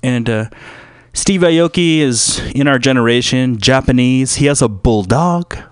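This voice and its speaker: A man hosts a radio show in a loose, rambling comic monologue, stumbling through fillers and tangents. His voice is smooth and resonant. The sound is dry and close. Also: medium pitch, expressive, a little slow, dry recording. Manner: rambling, jumps into loud shouted impressions; filler-heavy, loose and joking.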